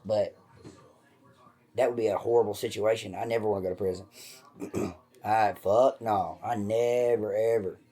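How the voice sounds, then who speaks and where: A man's voice: fairly low pitch, fairly even intonation, moderate pace, long pauses, dark tone. A man co-hosting a comedy podcast, telling crude stories in a rambling, profane way and jumping into voices for the people in them. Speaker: podcast co-host.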